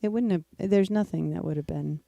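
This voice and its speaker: A woman, a little low and mellow, chats and tells jokes straight to her viewers. The sound is close and dry. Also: brisk, gravelly, no room sound, lo-fi sound. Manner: chatty, joking, addresses viewers directly. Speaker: host of a live music stream. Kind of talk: casual chat between songs.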